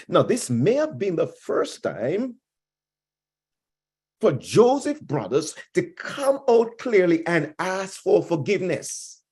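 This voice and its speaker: A man's voice: high-pitched, big pitch swings, takes it slowly, a little mellow, husky. A male pastor preaching a sermon with emphasis, repeating key phrases and speaking directly to his congregation.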